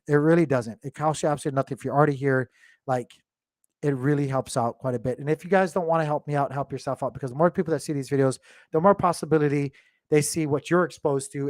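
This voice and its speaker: A man with a fairly high pitch gives loose crypto market commentary to his viewers from home. He rambles and thinks aloud, leaning on fillers. The recording is clean studio sound with no room sound.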